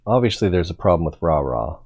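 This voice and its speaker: A man giving relaxed, wry commentary while playing a video game and reading the dialogue choices aloud. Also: low voice, a little fast, muffled recording. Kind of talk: casual gameplay commentary.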